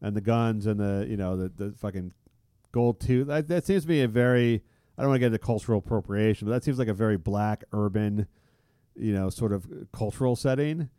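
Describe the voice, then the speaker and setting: A man's voice: lowish voice, fairly quick, dark tone, clear, resonant tone, no echo, studio quality. A man hosting a comedy podcast, crude and joking, laughing often and restarting his sentences. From Alaska. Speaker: podcast host. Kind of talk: casual comedic chat.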